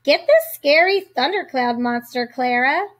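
A woman's voice: sits high, lively intonation, unhurried. Woman reading as an earnest little boy. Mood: lively. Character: enthusiastic little boy, cautious friend.

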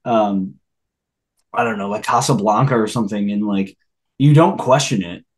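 A man's voice: fairly low pitch, normal speed. A man co-hosting a podcast in casual chat, rambling with many restarts. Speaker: podcast co-host.

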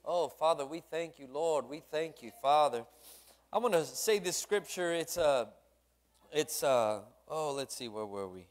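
A man's voice: fairly high pitch, animated, measured pace. A man leading a church service, fervent and repetitive, calling hallelujah and amen to the congregation. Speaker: worship leader and drummer leading a church service. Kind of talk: lively church service exhortation and prayer. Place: church sanctuary.

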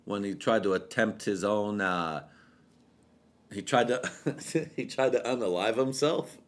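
A man's voice: lowish voice, unhurried. A young man hosting a podcast, tipsy and telling stories in a rambling, profane, casual way. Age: young adult. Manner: rambling, profane, loose storytelling. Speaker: podcast host. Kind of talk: casual chat.

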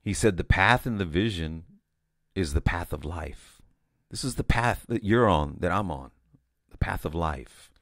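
A man's voice: low voice, expressive, measured pace, fairly bright tone, no room sound, studio quality. A man preaching an informal sermon, telling of a vision in a conversational way with frequent restarts and "you know". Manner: conversational, repeats words and restarts, says "you know" often.

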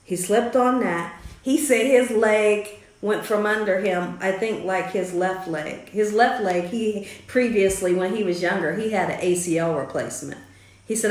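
A woman's voice: medium pitch, unhurried. A woman hosting her own vlog, telling a family story in a chatty, faith-filled way. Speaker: cooking channel host. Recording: roomy echo.

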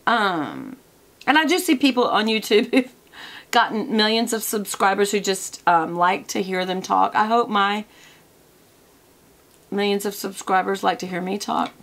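A woman chats to camera from her desk in a loose, rambling vlog, drifting from one tangent to the next. Her voice sits at an ordinary middle pitch, easy and conversational, with plenty of ums along the way. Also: lively intonation, a little slow, a bit bright. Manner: chatty, wanders off on tangents, many fillers. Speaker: product review vlogger.

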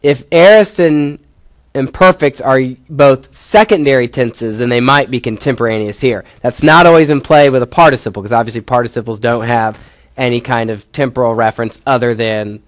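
A man's voice: medium pitch, normal speed, no echo. A male professor giving a classroom lecture, explaining step by step and putting questions to his students.

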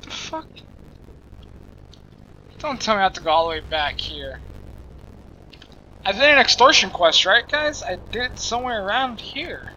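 A gameplay channel host delivers casual let's-play commentary straight to his viewers, cursing freely whenever he gets fed up, which happens fast. His medium-pitched voice swings widely in pitch and sounds pushed and bright. The highs are cut off, and there's slight background noise.

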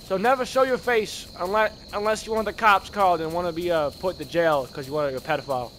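A man with a worn, hoarse voice giving excitable, slangy gameplay commentary, yelling at scares and muttering between them. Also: high voice, quick pace, slight background noise. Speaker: gaming video creator.

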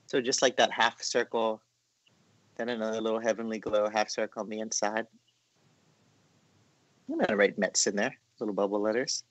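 A man's voice: fairly low pitch, steady tone, moderate pace, long pauses, no echo. A man hosting a casual drawing lesson, explaining each step in a chatty, encouraging way with lots of fillers. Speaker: art class host.

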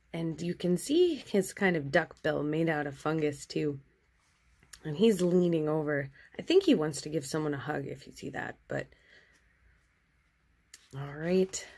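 A woman artist cheerfully and gently chatting through her sketches in a casual show-and-tell. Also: on the low side.

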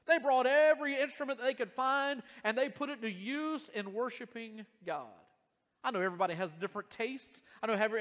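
An earnest male pastor preaching in a high, light voice that often restarts phrases and stretches key words. His voice rings with the long reverb of a church hall. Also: a bit bright. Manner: earnest, repeats and restarts phrases, slows for emphasis. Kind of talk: sermon. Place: church sanctuary.

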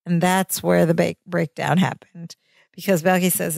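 A woman's voice: fairly low pitch, level tone, normal speed, vocal fry, darkish tone, no room sound. Woman cohost recapping scenes, casual chatty podcast, dry close mic. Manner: retells scenes, acting out quoted lines. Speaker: podcast co-host.

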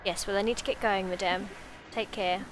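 A woman voicing an apologetic young male debt collector, reading his lines low and subdued. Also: fairly even intonation, moderate pace, background noise, lightly acted.

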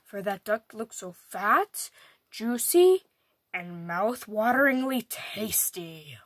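Female storyteller, picture-book read-aloud, high, lively, dry sound. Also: takes it slowly, no room sound. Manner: animated, expressive.

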